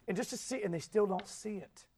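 High-voiced, animated male preacher. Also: fairly quick, husky. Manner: animated storytelling, asks the audience questions; swings between soft and loud. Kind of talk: sermon.

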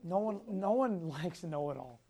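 A man's voice: high-pitched, expressive, moderate pace, mellow. A man teaching a Sunday school lesson to a class, repeating key points, asking questions and chuckling often as he tells personal stories. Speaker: youth Bible teacher.

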